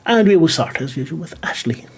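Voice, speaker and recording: A man's voice: on the high side, animated, fairly quick, husky. A man hosting and running a tabletop game, chatty and joking with frequent swearing. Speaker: game master and host. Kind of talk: casual banter, sweary.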